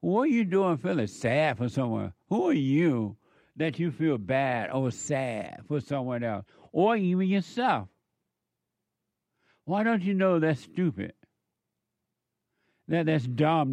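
A man's voice: a little high, creaky, darkish tone, no echo. A male counselor delivering a preachy monologue, firing off emphatic rhetorical questions in a scolding tone.

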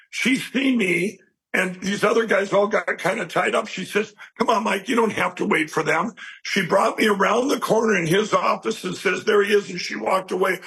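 A man being interviewed, telling a long personal story in a rambling, animated way and acting out what people said. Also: high-pitched, creaky, husky, rough recording. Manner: animated, rambling storyteller who acts out quoted speech. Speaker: interview guest.

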